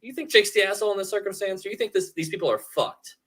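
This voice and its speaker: A man co-hosting a casual streamed podcast, joking and animated, often slipping into quoted voices. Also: high voice, fast talker. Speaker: podcast co-host.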